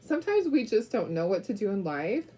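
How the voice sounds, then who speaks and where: A woman's voice: mid-range voice, sing-song, a little fast, mellow, slight background noise. A woman hosting a craft video, chatting casually and telling stories while she paints, rambling a little and laughing often. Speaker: craft show host.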